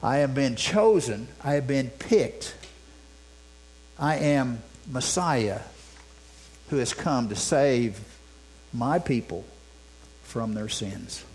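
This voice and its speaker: A man's voice: mid-range voice, animated, slow, pauses often, darkish tone, low-quality recording. A man preaching a sermon in a conversational way, with many restarts and rhetorical questions. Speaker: pastor. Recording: mains hum.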